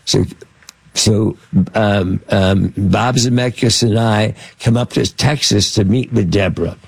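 A man's voice: fairly low pitch, measured pace, gravelly, breathy edge, no echo. A man telling rambling anecdotes as an interview guest, full of fillers and restarts. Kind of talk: anecdotal storytelling.

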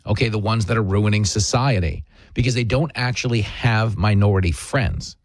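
A man's voice: on the low side, normal speed, no echo. A man hosting a talk radio show, delivering an opinionated monologue in an emphatic, sarcastic way.

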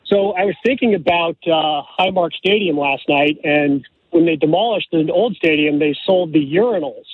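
Brief: male caller, higher husky voice, phone-line sound, tells a story to land a joke. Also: normal speed, dry recording. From California. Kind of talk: phone-in chat.

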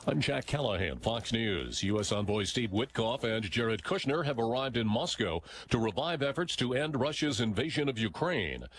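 A man anchoring a radio newscast in a crisp, measured read. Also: medium pitch, big pitch swings, a bit bright. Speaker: news anchor.

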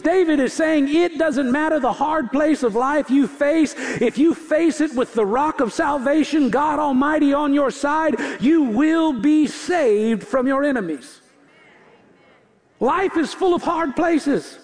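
A man with a very high voice preaches a sermon, building his points through emphatic, rhythmic repetition. His voice rings out in a large hall with a long reverb trailing behind. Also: a little slow, darkish tone. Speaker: pastor.

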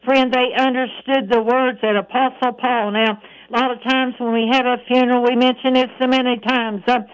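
High-voiced woman preaching on the radio. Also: little pitch movement, highs cut off. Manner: punctuates every phrase with "praise the Lord" and "thank God"; reads scripture aloud in a slow, measured voice. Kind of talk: radio sermon.

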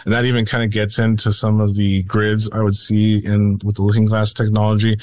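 A man's voice: on the low side, completely flat delivery, fairly quick. A man speaking as a radio guest, rambling with many restarts and nervous laughs. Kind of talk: radio interview talk.

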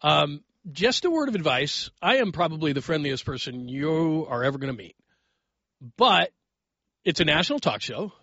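A middle-aged man hosts a sports talk show on late-night radio, talking casually and turning firm with callers. His voice sits a little high and has some husk. The studio sound is dry and a bit dull. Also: big pitch swings, moderate pace, sharp tone, no room sound. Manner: chatty, laughing, then firm and lecturing. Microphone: studio broadcast mic.

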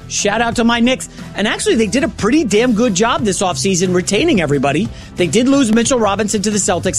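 This high-pitched, middle-aged man is filling in as a sports radio host in a radio studio. His talk is excitable and rambling, full of quick self-corrections.

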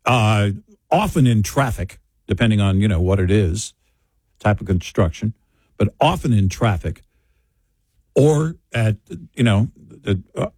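A man's voice: on the low side, darkish tone, slightly rough, dry recording, clean studio sound. An older man co-hosting a talk show, chatting casually and rambling with frequent restarts. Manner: rambling, self-correcting, chatty.

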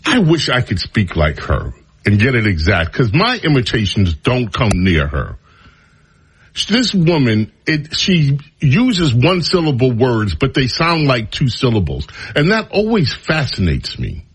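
A man's voice: medium pitch, measured pace, slightly rough. A male radio talk show host giving an opinionated, mocking monologue. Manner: mocking, drawling, animated.

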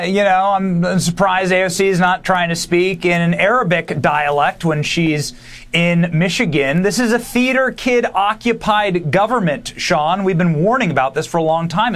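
A man, a podcast host appearing as a guest, delivering emphatic, opinionated political commentary in quick bursts. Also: high voice, fairly bright tone. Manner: emphatic, fast bursts, dismissive.

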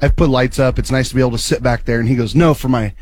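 A man co-hosting a local morning radio show, telling a funny story in an excitable way and laughing as he goes. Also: medium pitch, racing, no room sound. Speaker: radio co-host. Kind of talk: animated storytelling on air.

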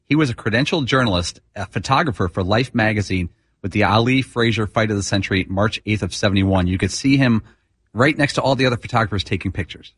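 Fast, husky male co-host. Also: fairly low pitch, fairly bright tone, no echo, clean studio sound. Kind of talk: casual chat.

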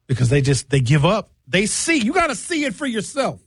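Animated comic man in his fifties. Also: high voice, fairly quick, breathy edge, no room sound, clean studio sound. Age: 50s. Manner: exasperated, animated, playful. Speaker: host reading viewer comments. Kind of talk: comedic rant.

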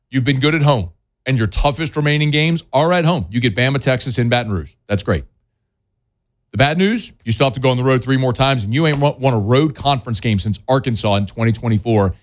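A man hosting a sports talk show, giving blunt, scolding opinions in a plainspoken way. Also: lowish voice. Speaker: sports talk radio host.

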